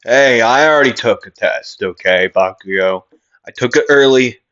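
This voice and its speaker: A man's voice: medium pitch, moderate pace, fairly bright tone, dull audio, natural voice. A man voicing a self-assured young male hero who brushes off a rival in a matter-of-fact, dismissive way.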